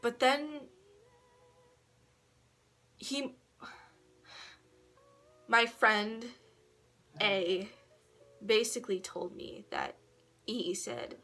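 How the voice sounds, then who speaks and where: A woman's voice: mid-range voice, drawn-out words, pauses often, a bit bright, soft background music. A woman vlogging at home, casually telling a personal story, full of slang, swearing and laughter.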